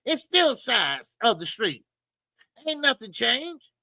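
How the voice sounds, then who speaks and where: A man's voice: very high voice, very animated, slow, pushed and bright, no room sound, rough recording. A male boxing show host, ranting heatedly and profanely on a livestream.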